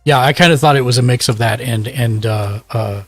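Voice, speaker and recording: Relaxed man explaining a card game. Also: medium pitch, a little fast, no echo, soft background music. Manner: relaxed, patient instructions with fillers. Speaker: stream host teaching a card game. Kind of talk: casual chat.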